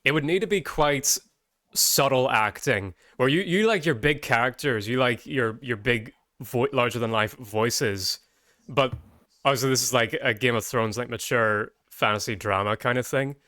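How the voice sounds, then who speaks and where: A man hosting a casual podcast chat, rambling and chatty with quick tangents. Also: medium pitch, bright, forceful tone, dry recording, clean studio sound. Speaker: podcast host.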